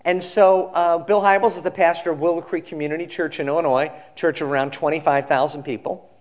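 A male pastor giving a sermon, telling a story in a relaxed conversational way and acting out the quoted people. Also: a little high, brisk.

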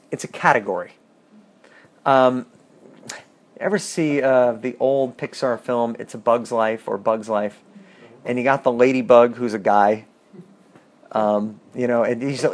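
A man leading a bible study, reading verses and explaining them with lively questions to the class. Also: mid-range voice. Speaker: bible teacher.

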